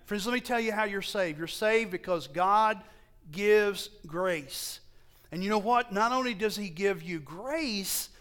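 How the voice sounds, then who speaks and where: A man preaching a sermon to a congregation, slow and emphatic, often asking them questions and correcting himself as he goes. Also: sits high, fairly bright tone, clear, resonant tone.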